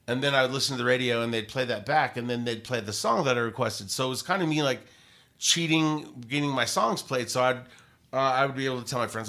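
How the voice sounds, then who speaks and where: A male radio host in a relaxed interview, talking with lively, rambling energy. He circles back, restarts his sentences and drops plenty of fillers along the way. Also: medium pitch, a little fast. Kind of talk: casual interview storytelling.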